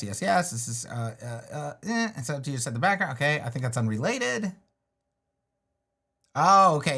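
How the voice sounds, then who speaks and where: A man with a medium-pitched, fairly bright voice hosts a live web design stream. He thinks out loud as he builds the site, chatting loosely, often restarting his sentences and joking with himself.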